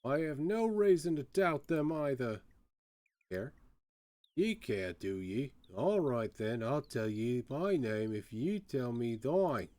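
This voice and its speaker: A man's voice: mid-range voice, very animated, takes it slowly, warm tone, dry recording, voice pushed up. A man voicing a bitter old male sailor locked in a cell, grumbling in a put-on with archaic speech. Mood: sly.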